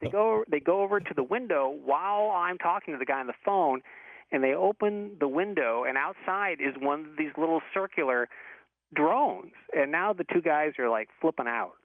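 A man's voice: fairly high pitch, expressive, moderate pace, no room sound. A man who is a professor tells a long story in a casual, rambling way, full of restarts and fillers. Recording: tinny, dry phone-like sound.

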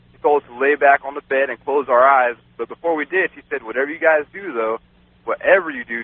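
A man's voice: medium pitch, dry recording. A man guest on a radio show telling a personal story in a rambling way, with many fillers and laughs. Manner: rambling, laughs often, many "you know"s. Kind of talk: casual storytelling. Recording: dry, phone-like radio sound.

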